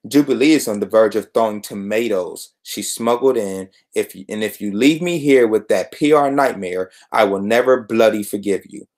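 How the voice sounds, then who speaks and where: A man's voice: lowish voice, normal speed, few pauses, a little mellow, natural voice. Man doing a stern put-on British heroine. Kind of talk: reading comic dialogue aloud.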